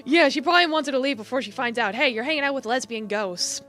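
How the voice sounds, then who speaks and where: A woman's voice: high voice, fast, few pauses, fairly bright tone, faint music behind. A young woman streamer chatting and joking through a game, rambling with lots of fillers. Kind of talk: live game commentary.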